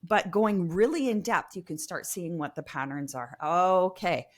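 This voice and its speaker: A woman who is a guest consultant in a casual interview, explaining her work in a lively manner with many fillers. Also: on the low side, unhurried. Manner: explanatory, lively, uses fillers like um and you know. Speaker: customer experience consultant, guest.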